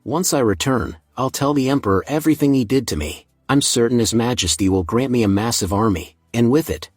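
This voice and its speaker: A man's voice: mid-range voice, husky, dry recording, studio quality. A man voicing an arrogant, cruel middle-aged grand duke who rants and boasts in a story recap. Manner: boastful, ranting.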